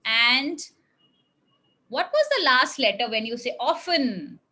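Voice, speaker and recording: A woman's voice: a little high, expressive, takes it slowly, sharp tone, poor audio. A woman teacher, leading young children through a spelling lesson in a patient, coaxing way. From India. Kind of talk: classroom phonics lesson with children.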